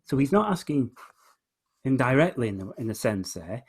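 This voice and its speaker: In a mid-range voice with big pitch swings and a breathy edge, a male host and musician speaks at a moderate pace. He leads a casual conversation, eagerly explaining poetry by reading lines aloud and stressing the beats, often restarting as he goes.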